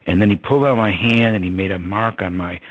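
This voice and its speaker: An older man with a husky voice, reflectively telling a story as an interview guest. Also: deep voice, fast talker. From United States. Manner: reflective, with many ums and soft laughs. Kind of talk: storytelling in conversation. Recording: dull lo-fi sound.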